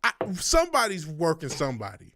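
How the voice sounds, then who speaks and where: A man's voice: a little high, wildly swooping pitch, fairly quick, noisy background. A young man streaming late at night, chatting casually in a rambling way, restarting his sentences often.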